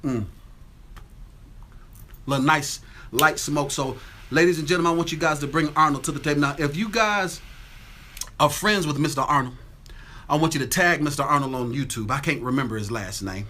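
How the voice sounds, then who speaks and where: A man's voice: fairly high pitch, moderate pace, long pauses, sharp tone, slight background noise. A man from Atlanta, hosting a casual livestream from his home on a phone, greeting viewers by name and repeating his catchphrases. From Atlanta, Georgia. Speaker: livestream host. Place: home with windows open.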